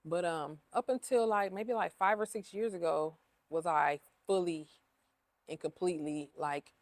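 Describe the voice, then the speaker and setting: A woman's voice: fairly low pitch, a little slow, dry recording. A woman who owns a cleaning business, talking openly in a casual interview, emotional and repeating herself with lots of fillers. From Ohio.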